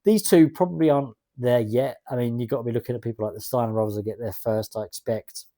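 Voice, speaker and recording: A man's voice: mid-range voice, fairly even intonation, fast, dark tone, no echo. A man hosting a let's-play video, chatting in a rambling way and reading out game text as he plays. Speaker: gaming video host.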